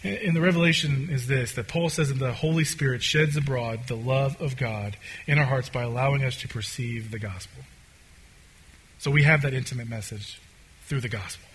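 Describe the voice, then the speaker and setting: A man preaching a conversational sermon as a pastor, swinging between loud, excited stretches and quiet, hushed ones. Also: medium pitch, normal speed, slightly rough.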